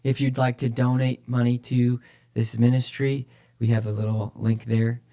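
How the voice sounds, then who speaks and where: A man's voice: mid-range voice, little pitch movement, moderate pace, gravelly, mellow. A man co-hosting a church podcast, talking casually and with energy about faith, often repeating phrases for emphasis. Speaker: podcast co-host, church leader.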